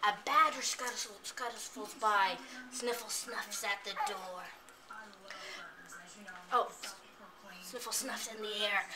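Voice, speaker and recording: A woman's voice: mid-range voice, slow, pauses often. A young woman, a children's librarian, reading a picture book aloud to a child at home with a sing-song, dramatic delivery. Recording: home video with clear background noise.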